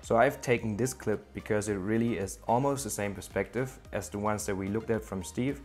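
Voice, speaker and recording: A man's voice: fairly low pitch, a little fast, darkish tone, soft background music. A man teaching surfskate bowl technique in a tutorial, explaining moves step by step and speaking directly to the viewer. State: out of breath. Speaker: surfskate coach. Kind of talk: instructional video tutorial. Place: outdoor skate bowl, then home office.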